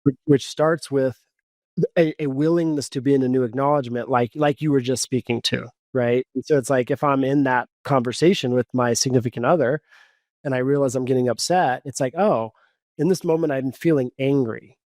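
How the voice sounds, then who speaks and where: A man's voice: mid-range voice, fairly even intonation, fairly quick, a little mellow, no echo, studio quality. A man coaching in a podcast interview, explaining step by step in an earnest tone and acting out his own inner dialogue. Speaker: guest coach.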